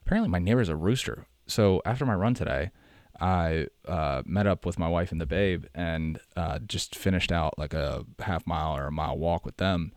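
Young American male podcast host, very low voice, dry close sound, loose rambling delivery. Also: moderate pace, no echo. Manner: rambling, self-correcting, chatty. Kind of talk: casual monologue.

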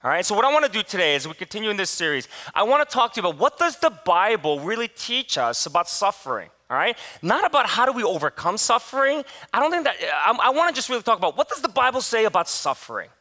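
Lively, bright-voiced male pastor. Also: high-pitched, quick pace, few pauses. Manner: candid, self-deprecating storyteller. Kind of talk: sermon with personal storytelling.

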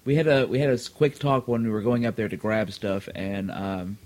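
A man's voice: lowish voice, fairly even intonation, darkish tone. A man in a casual group chat, joking at his own expense and often restarting his sentences. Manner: joking, self-mocking, halting restarts.

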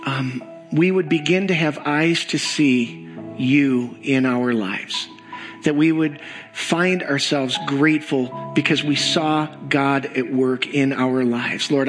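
Slow, earnest man praying over music. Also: on the high side, a bit bright, poor audio. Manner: slow, earnest pastoral prayer. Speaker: pastor. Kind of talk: sermon prayer. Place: church sanctuary.

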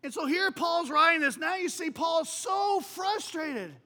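A pastor preaching a sermon in a conversational way, often checking in with the congregation by asking "right?". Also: male voice, extremely high pitch, lively intonation, measured pace, pushed and bright.

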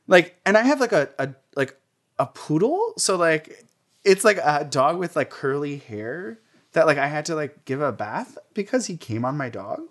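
A man's voice: fairly high pitch, fairly bright tone. A young man being interviewed, telling candid personal stories in a chatty way, with many fillers and frequent laughter.

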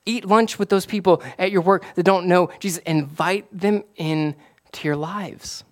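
Man, pastor, conversational sermon, fairly high voice, animated bursts of emphasis. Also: normal speed. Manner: casual, conversational preaching with southern "y'all"; animated, rising to excited emphasis.

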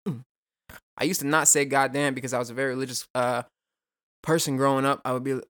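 A young man hosting a solo podcast, talking fast and casually with a lot of swearing, rambling off on tangents and throwing in self-mocking jokes. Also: fairly high pitch, a bit bright. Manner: rambling, profane, goes off on tangents; jokey, self-mocking asides. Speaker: podcast host.

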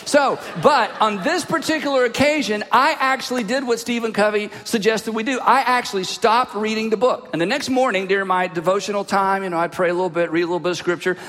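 A man preaching a sermon as a pastor, telling a personal story in an animated way and dropping his voice low for asides. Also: quick pace, hardly any pauses. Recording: long hall reverb.

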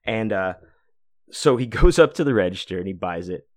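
A man in his forties with a lowish, animated voice hosts a podcast at normal speed, recorded dry with studio quality. He tells a long, rambling story in casual talk, full of fillers and cursing.

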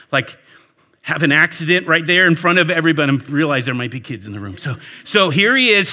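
A man, a pastor, telling a lively story to a church audience and talking back and forth with them. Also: on the high side. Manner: animated storyteller, talks with the audience. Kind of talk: storytelling sermon. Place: warm indoor church hall with an audience.

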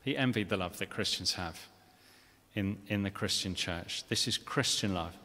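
A man's voice: low-pitched, normal speed, pushed and bright. A man preaching a sermon in a church, earnest and conversational, often restarting phrases and asking the congregation questions. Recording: long reverb of a church hall.

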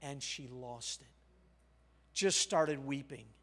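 An older male pastor preaching a sermon, telling a personal story with sharp shifts between quiet and loud. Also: medium pitch, slow. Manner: storytelling, with big swings of loudness.

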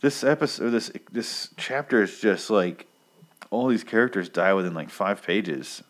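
Deep-voiced man rambling through a recap. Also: lively intonation, a little slow. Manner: rambling, profane, lots of ums. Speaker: comic book recap vlogger. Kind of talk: casual recap monologue.

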